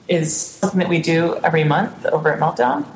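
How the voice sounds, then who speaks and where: A woman who runs tabletop games, chatting bubbly and animated as a podcast guest, laughing often. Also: sits low, quick pace, creaky. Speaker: guest, game master. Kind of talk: casual interview chat. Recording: roomy echo, faint noise.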